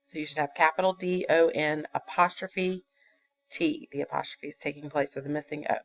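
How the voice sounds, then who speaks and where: A woman's voice: deep voice, steady tone, normal speed. A woman teaching a fifth-grade grammar lesson, patient and explaining step by step with fillers. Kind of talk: recorded classroom grammar lesson. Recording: dull lo-fi computer recording.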